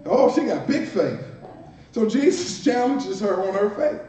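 A male minister with a Washington D.C. accent delivers a conversational sermon full of playful asides and repeated words in a church sanctuary. His mellow voice sits high, swings widely in pitch, and moves a little slowly. The recording is distant, roomy, and dull, with faint hiss.

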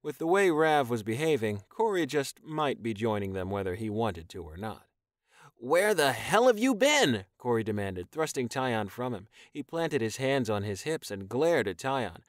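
A male narrator reads a novel with a lively, expressive rise and fall. His mid-range voice sits close to the mic in a dry recording. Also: mid-range voice, moderate pace, hardly any pauses, dry recording. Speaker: audiobook narrator. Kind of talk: scripted narration.

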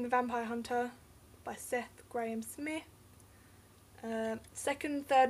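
A young English woman with a high voice chats slowly and unhurriedly. She rambles, sounds unsure of herself, and often trails off into mumbles. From England. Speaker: book vlogger. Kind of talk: casual bookcase tour.

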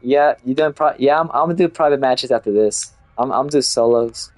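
A man's voice: medium pitch, fairly quick. A young man chatting casually while streaming a horror game, laughing often and switching between English and Spanish. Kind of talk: casual live gameplay chat.

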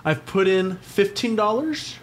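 A podcast co-host with a high voice speaks a little slowly over a slight hiss or hum. In casual chat, he tells stories in an animated way, with plenty of profanity.

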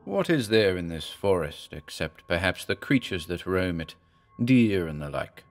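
A man narrating a horror story in a measured, dramatic way. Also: low-pitched, sing-song, faint music behind. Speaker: audiobook narrator.

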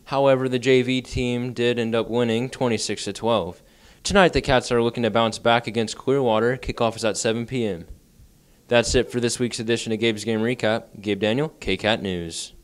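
A man's voice: medium pitch, normal speed, smooth. A teenage boy reading a scripted school sports recap as a student reporter. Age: teens. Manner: even, read from script. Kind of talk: scripted news read.

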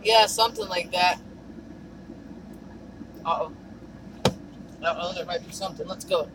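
A woman's voice: on the low side, measured pace, noisy background. A woman vlogging in a car and at dumpsters, chatting casually and telling a story in fits of giggles. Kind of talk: casual vlog chat.

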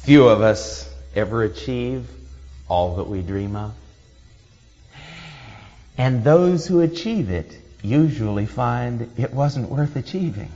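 A man's voice: mid-range voice, slow. A man preaching a sermon, acting out the voices he quotes along the way. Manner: expressive, acts out quoted voices with laughter. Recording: dull hall reverb.

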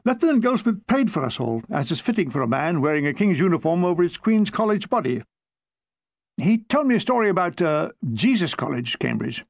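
An older man from England reading his own war memoir aloud, with dry comic timing and quick jumps into put-on voices. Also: high-pitched, big pitch swings, vocal fry.

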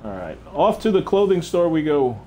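A man's voice: fairly high pitch, sing-song, moderate pace, warm tone, slight background noise. Profane young man streaming a game. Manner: casual and profane, answering chat. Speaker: livestreamer. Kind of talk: casual gameplay chat.

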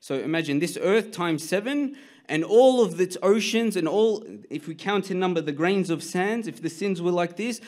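Earnest man preaching a sermon, higher voice. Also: animated, a little mellow. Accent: Australian. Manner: earnest storytelling, retelling a narration with quoted dialogue and pauses; addresses the congregation directly. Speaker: speaker giving a nightly religious talk. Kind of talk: sermon-style storytelling talk.

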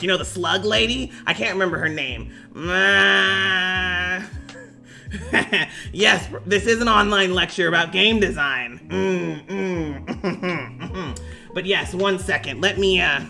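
A man doing Doctor Talasha Sagefall, bright gravelly professor lady. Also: high-pitched, slow pace, soft background music, heavily acted. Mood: chatty. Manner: formal greeting mixed with casual profane asides. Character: female professor, formal and self-assured. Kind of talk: in-character voice on a live stream.

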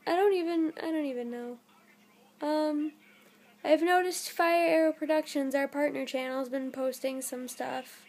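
A woman's voice: high voice, normal speed, a little mellow. A young woman vlogging at home at night, very tired and yawning, rambling in a scattered way. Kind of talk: casual vlog to camera.

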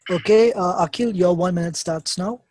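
A male moderator with a high, husky voice keeps a debate on schedule. He calls time and brings in callers, with plenty of hesitant fillers. The sound is close and dry. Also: normal speed, a little mellow, dry recording.

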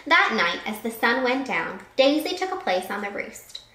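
At a moderate pace and with a pitch on the high side, a teacher reads a picture book aloud to her young listeners. She keeps the storytelling animated and expressive, slipping in small asides. The sound has a roomy echo.

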